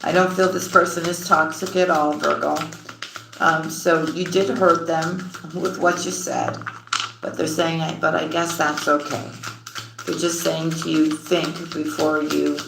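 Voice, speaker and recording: A woman's voice: sits low, flat delivery, a little slow, gravelly, echoey room, background noise. A woman giving a tarot reading, chatty and affectionate, calling her viewers sweetheart and honey. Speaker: tarot reader. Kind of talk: tarot reading and livestream shout-outs.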